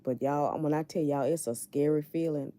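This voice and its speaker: A woman's voice: deep voice, steady tone, moderate pace, mellow. A middle-aged woman hosting a casual live stream from her bed at home, confiding candidly in her viewers. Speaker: livestream host.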